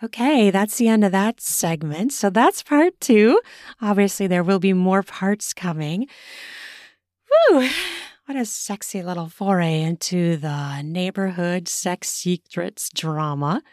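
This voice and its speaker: A woman's voice: lowish voice, measured pace, few pauses, a little mellow, dry recording, studio quality. A woman podcast host and author narrating her own erotic story in first person.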